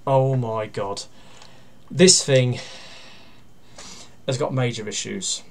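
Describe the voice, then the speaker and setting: Male toy reviewer, mid voice, halting hands-on walkthrough with dry grumbles; steady noise and clicks underneath. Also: mid-range voice. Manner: talks through steps while handling a toy, with pauses and fillers; dryly critical and grumbling. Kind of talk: casual toy review and demonstration.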